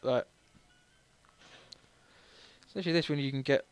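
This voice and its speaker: A man's voice: medium pitch, moderate pace, smooth, faint music behind. A man giving casual let's-play commentary while tipsy, rambling and self-deprecating, laughing often as he talks. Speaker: game streamer.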